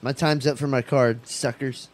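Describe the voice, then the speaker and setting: A man's voice: mid-range voice, fairly even intonation, normal speed. A man co-hosting a comedy podcast, teasing the others and laughing often. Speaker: podcast co-host. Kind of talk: casual comedy chat.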